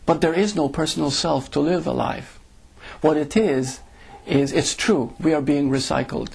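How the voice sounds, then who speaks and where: A man's voice: a little high, vocal fry, darkish tone, slightly rough. A man giving a satsang talk as a spiritual teacher, speaking to a group and often asking "you see?".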